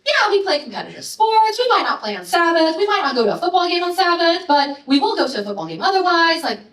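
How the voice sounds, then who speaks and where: A woman's voice: very high-pitched, very animated, a bit bright, far from the mic. Chatty woman lecturer in an echoey hall. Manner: chatty, playful asides, quick quoted voices. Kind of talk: presenting research to an audience.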